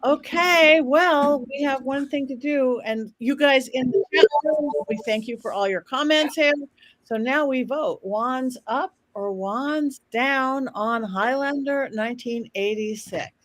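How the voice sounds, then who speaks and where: Brisk high-voiced woman hosting. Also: a bit bright, a little hiss or hum. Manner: brisk, moving things along. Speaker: host. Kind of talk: moderating a panel show.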